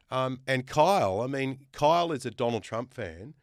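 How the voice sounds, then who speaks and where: Aussie guy guest hosting a podcast, emphatic, rattles off lists, smooth clear voice, dry close mic. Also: medium pitch, moderate pace, few pauses, dry recording. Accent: Australian. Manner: emphatic, builds points with lists. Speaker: guest host. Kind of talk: casual podcast chat.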